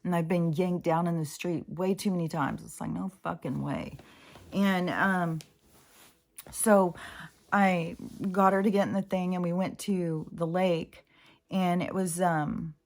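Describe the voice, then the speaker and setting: A woman's voice: on the low side, steady tone, measured pace, a little mellow. A woman talking casually to camera in a rambling, emotional way, with many fillers and the odd curse. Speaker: vlogger. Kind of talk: casual spoken monologue.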